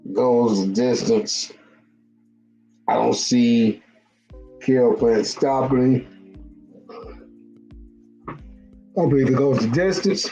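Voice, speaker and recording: A man's voice: mid-range voice, creaky, warm tone, rough recording. A man hosting a casual live boxing talk show, thinking aloud and often repeating himself.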